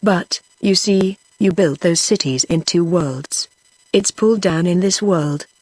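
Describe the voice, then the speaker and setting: A woman's voice: fairly low pitch, measured pace, a little mellow, no echo. Mister Noah, a synthetic woman reading a wise wooden toy man. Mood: calm explaining. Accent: British English. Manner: patient, explaining. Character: wise little wooden Noah's Ark man, calm.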